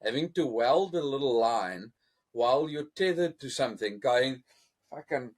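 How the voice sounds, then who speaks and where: A man's voice: mid-range voice, animated, unhurried. A man hosting a casual podcast, bantering and swearing casually. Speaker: podcast host.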